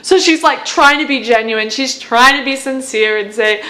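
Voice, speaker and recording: A woman vlogger talks in a casual, gushing way, full of fan enthusiasm. Her voice sits a little high. She breaks down song lyrics as if chatting with friends. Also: moderate pace, hardly any pauses, pushed and bright.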